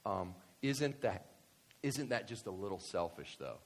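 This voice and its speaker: A man preaching a sermon as pastor, animated, swinging from quiet explanation to loud excited bursts. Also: fairly low pitch, measured pace.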